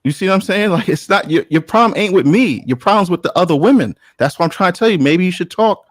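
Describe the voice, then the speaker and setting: A man's voice: sits high, animated, fast talker, no room sound. Blunt, teasing man in a heated debate. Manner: blunt, teasing, repeats himself.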